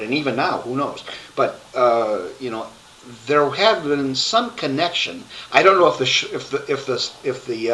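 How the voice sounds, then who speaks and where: A man telling his life story to a webcam, rambling and halting with many restarts. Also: mid-range voice, sharp tone, a little hiss or hum, rough recording.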